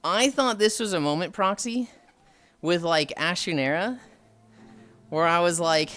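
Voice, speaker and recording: A woman streamer chatting casually with friends and her chat, telling stories with lively quoted voices. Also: fairly low pitch, measured pace, long pauses. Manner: animated storytelling, acts out quoted people.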